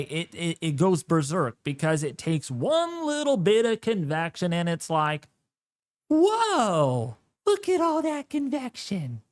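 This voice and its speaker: A man hosts a live weather stream, talking at an unhurried pace. His commentary is animated and jokey, full of exclamations. The sound is dry, with no room around it. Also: fairly high pitch, clear, resonant tone, no echo.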